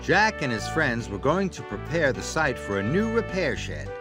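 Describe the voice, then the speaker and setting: A man narrating a children's storybook aloud in an expressive, sing-song way. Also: medium pitch, normal speed. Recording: read-aloud over background music. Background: music.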